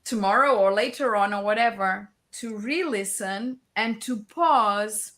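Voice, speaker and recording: A woman's voice: mid-range voice, measured pace, a bit bright. A woman co-hosting a spiritual talk show, speaking hesitantly with many fillers.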